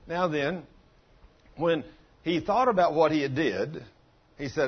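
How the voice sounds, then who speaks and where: A man's voice: on the high side, slow pace, pauses often, breathy edge, highs cut off. A man preaching a sermon as pastor, telling folksy stories and putting questions to the congregation.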